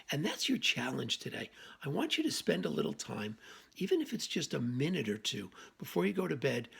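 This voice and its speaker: Gravelly husky campus minister. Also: male voice, a little high. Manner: folksy joke-telling then earnest exhortation. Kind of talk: short daily reflection.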